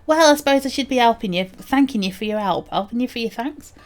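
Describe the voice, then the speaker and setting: A woman voicing a vengeful fantasy warrior, with a put-on accent and slow, emphatic delivery. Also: on the high side, animated, natural voice. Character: vengeful stout warrior of a dwarf-like folk.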